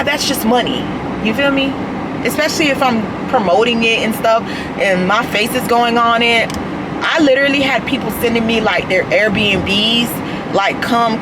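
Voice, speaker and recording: A woman's voice: a little high, very noisy. A woman in her thirties, a vlogger chatting casually to her viewers, often addressing them as "y'all" and trailing off mid-thought. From United States. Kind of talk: casual vlog chat.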